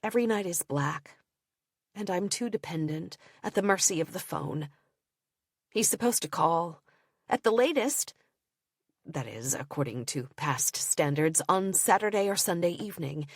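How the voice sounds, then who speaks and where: A woman narrating an audiobook of first-person diary entries in an intimate, measured way. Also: lowish voice, animated, no room sound, studio quality.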